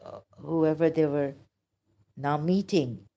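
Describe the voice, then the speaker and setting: A woman delivers an impassioned monologue in a low, mellow voice. She talks slowly and emotionally, often stopping to restart her sentences. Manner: emotional, halting, with many pauses and restarts. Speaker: religious critic vlogger.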